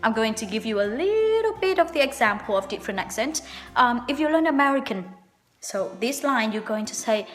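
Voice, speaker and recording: A young woman hosts a relaxed English pronunciation lesson in a fairly high voice. She explains patiently and slows down to repeat example words. Her voice rings in a long reverb, with faint music playing underneath. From Vietnam. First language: Vietnamese. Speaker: English teacher, channel host. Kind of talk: casual video lesson. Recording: reverberant room with background music.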